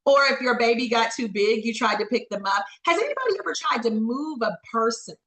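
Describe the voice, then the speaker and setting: A woman gives a motivational business talk in a preacher-like way, firing rhetorical questions and calling out listeners by name. Her voice sits high and sounds bright and forceful. The room around her is echoey. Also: animated, a little fast. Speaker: network marketing coach.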